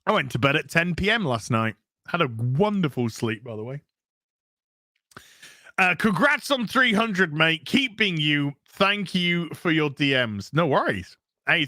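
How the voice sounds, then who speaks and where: A man's voice: a little high, bright, forceful tone, no room sound, clean studio sound. A man hosting a casual live stream, reading out donations and thanking viewers in a loose, crude, jokey way.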